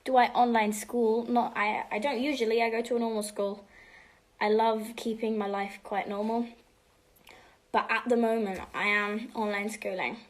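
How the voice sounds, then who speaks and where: A teenage girl with a fairly high pitch answers fan questions on a livestream, speaking at normal speed in a level tone. She's chatty and bubbly, switching between English and Spanish and often dropping to a whisper.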